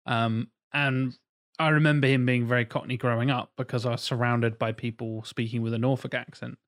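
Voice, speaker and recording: A man from England, co-hosting a podcast, telling animated family stories and swearing freely in casual chat. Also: mid-range voice, brisk, no echo, studio quality. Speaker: podcast co-host.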